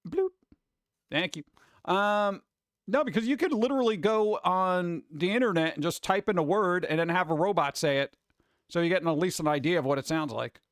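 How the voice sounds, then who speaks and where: A man's voice: high voice, moderate pace, fairly bright tone, no room sound, clean studio sound. A man hosting a live stream, chatting casually and reading chat aloud in a rambling, jokey way with muttered asides.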